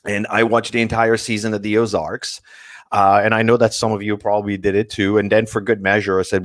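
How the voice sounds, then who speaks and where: A man's voice: fairly low pitch, fairly quick, dry recording, studio quality. A man from France with a French accent giving a webinar presentation as guest speaker, telling stories with lots of fillers and restarts over a video call. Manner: animated storytelling with frequent fillers and restarts.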